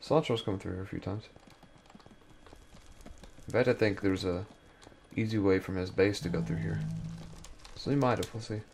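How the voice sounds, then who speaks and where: A man's voice: fairly low pitch, moderate pace, gravelly, pauses often, darkish tone. A young man giving casual gameplay commentary, muttering to himself as he sorts items and explores, sounding sleepy and yawning. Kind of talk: casual let's-play commentary.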